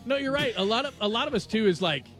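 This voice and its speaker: A man's voice: very high voice, fast talker, soft background music. A man hosting a late-night radio sports show, chatting casually and joking with his co-hosts. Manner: animated, jokey, laughs often.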